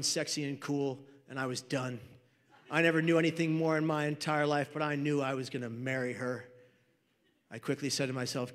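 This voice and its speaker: A man telling a personal story on stage as a mental health speaker, animated and loud at the punchlines. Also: a little high. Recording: reverberant hall.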